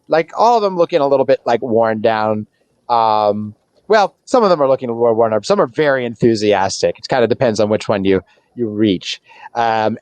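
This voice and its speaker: A man's voice: medium pitch, no room sound. A young man narrating a tabletop game as game master, rambling with many fillers and restarts.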